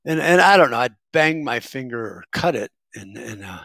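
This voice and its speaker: A man's voice: mid-range voice, lively intonation, moderate pace, gravelly, few pauses, a bit bright, husky, dry recording. Rambling sarcastic middle-aged man. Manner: rambling, sarcastic, self-described smartass. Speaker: vlogger. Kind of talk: casual monologue.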